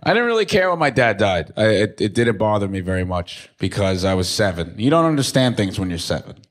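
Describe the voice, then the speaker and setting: A young man from Staten Island doing a crude, deadpan stand-up comedy set on a club stage. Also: lowish voice, a little fast. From Staten Island, New York. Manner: deadpan, crude, shifts into mocking voices for quoted people. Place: comedy club stage before a laughing audience.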